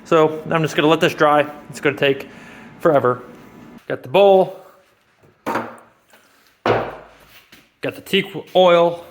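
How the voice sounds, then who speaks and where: Guy narrating his woodworking while he works, gravelly voice, rambly and chatty, mumbles to himself. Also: fairly high pitch, slight background noise. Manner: drops into a hushed whisper while doing delicate work. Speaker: woodworking vlogger. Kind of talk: casual talk while working.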